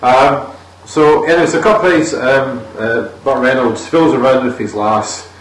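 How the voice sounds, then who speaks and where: A Scottish-accented podcast co-host recaps a bad film in casual, sweary chat, acting out the characters in voices. His mid-range voice moves a little slowly, and the recording has an echoey room, a distant mic and faint ambience.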